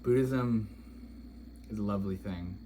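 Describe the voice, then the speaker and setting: A man's voice: lowish voice, measured pace, mellow, slight background noise. A young man telling a story in a casual, rambling way, dreamy and emotional, with many "like"s and "you know"s. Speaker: vlogger.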